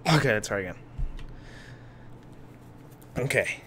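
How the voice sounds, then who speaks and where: A young man doing let's play commentary, frantic and yelling in mock panic, then calming down. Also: fairly low pitch, takes it slowly, background noise. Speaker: gaming YouTuber.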